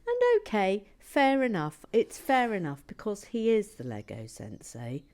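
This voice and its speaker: A woman's voice: mid-range voice, huge pitch swings, a little slow, darkish tone. A woman hosting a Lego build vlog, chatting casually and muttering or whispering to herself as she concentrates.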